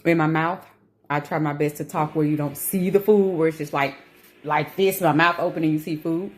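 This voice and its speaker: In a low-pitched voice at normal speed, a woman talks to her vlog audience in a loose, rambling way. She is animated, keeps eating as she speaks, and says she is anxious.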